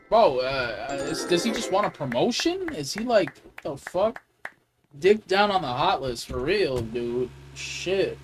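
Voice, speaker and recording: A man's voice: fairly high pitch, rough recording. A man livestreaming gameplay who rants in a casual, profane, heavily swearing way. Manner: profane, ranting, heavy swearing. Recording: game stream with music playing behind. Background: clear background music.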